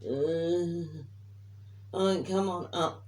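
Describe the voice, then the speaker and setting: A woman telling a lively family story in a casual chat, acting out what she said. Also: on the low side, extremely slow, echoey room, distant mic. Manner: animated, mimics her own commands.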